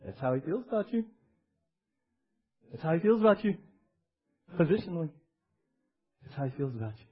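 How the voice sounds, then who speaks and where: A man preaching with a high, swooping voice that leaps between hushed lows and excited peaks. His tone is a little husky, and he keeps calling out questions to the congregation. The recording sounds dull and lo-fi. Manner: animated, emphatic, calls out to the congregation. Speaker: pastor. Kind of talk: sermon.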